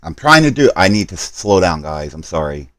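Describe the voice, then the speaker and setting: A man's voice: low-pitched, very animated, fairly quick, fairly bright tone, no echo. A man live streaming a game, talking to his chat while he hurries through setup and apologizes for his mistakes.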